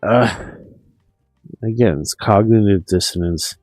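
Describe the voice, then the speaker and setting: A man's voice: on the low side, slow pace, darkish tone, no echo, soft background music, rough recording. A man streaming a profane, meandering rant full of restarts. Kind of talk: rambling monologue.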